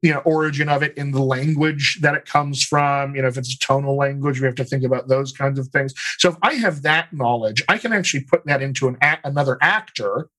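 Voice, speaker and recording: A man who works as a dialect coach and actor, answering interview questions in a thoughtful, explanatory way, often pausing on "you know" and restarting phrases. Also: mid-range voice, bright, forceful tone.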